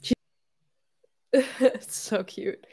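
A woman's voice: drawn-out words, mellow. A young woman hosting a casual livestream, emotional and tearful, swearing often as she reads viewer messages.

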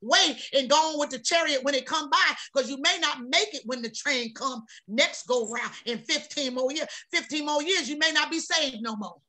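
Woman preaching, fiery repetitive delivery, high bright voice. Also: moderate pace, few pauses. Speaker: prophetess. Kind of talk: preaching on a prayer broadcast.

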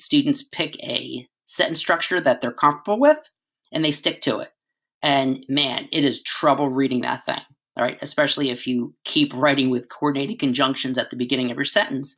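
Middle-aged male teacher, bright tone, casual classroom explainer. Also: mid-range voice. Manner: conversational, frequent "right?" and "all right" checks. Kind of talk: writing lesson.

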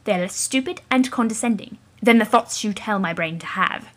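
A woman voicing a brash, rude young male alien kid in a comic read-aloud, loud and demanding. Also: medium pitch, fairly quick, close to an everyday voice.

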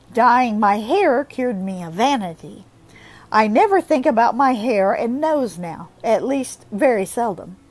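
A woman voicing a spirited, dramatic teenage girl. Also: a little high. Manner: earnest, expressive.

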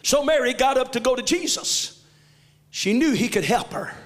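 A male pastor preaching a fervent sermon in a church, often shouting. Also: very high voice, lively intonation, moderate pace, in a large hall. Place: church sanctuary.

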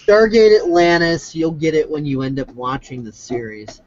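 A man hosting a casual podcast chat, teasing and quick with jokes. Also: a little high, big pitch swings, darkish tone, a little hiss or hum. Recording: muffled lo-fi call audio.

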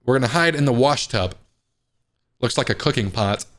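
A man's voice: mid-range voice, animated, moderate pace, fairly bright tone. A man playing a horror game, joking and reacting with panicky outbursts in casual commentary. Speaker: gaming video host. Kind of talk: casual let's play commentary.

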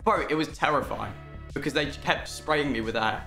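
A man's voice: fairly high pitch, moderate pace, creaky, sharp tone, reverberant, faint music behind. A young man in casual chat, telling stories animatedly with swearing and laughter. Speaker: guest.

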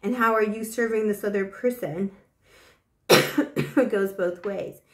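A woman's voice: medium pitch, unhurried, reverberant. A woman doing a casual tarot reading to camera, chatty and affectionate, a little short of breath. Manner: chatty and affectionate, with fillers like "you know". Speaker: tarot reader.

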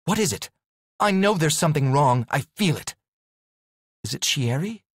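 A man's voice: big pitch swings, measured pace, breathy edge, no echo, studio quality. A man voicing a young woman, a witch, who talks in pleading, insistent questions in an audiobook. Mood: questioning. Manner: pleading, questioning, pitched up high.

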